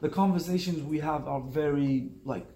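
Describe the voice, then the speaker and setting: A young man, a native Arabic speaker, telling his story in a relaxed, casual conversation and acting out the people he quotes. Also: a little high, normal speed, echoey room. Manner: relaxed, uses "like" and "bro", acts out quotes. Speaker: guest.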